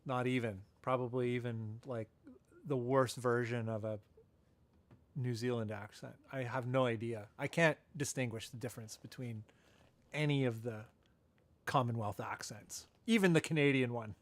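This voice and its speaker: A man's voice: medium pitch, steady tone, normal speed, no room sound. Chatty male podcast host, dry close sound. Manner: rambling, chatty, frequent fillers and self-corrections; laughs at his own asides. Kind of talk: casual live podcast chat.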